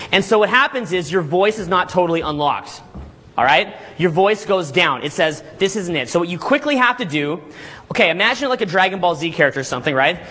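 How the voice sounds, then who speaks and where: High-voiced energetic male seminar coach. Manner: animated, energetic, audience questions. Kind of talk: live seminar teaching. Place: seminar room with live audience.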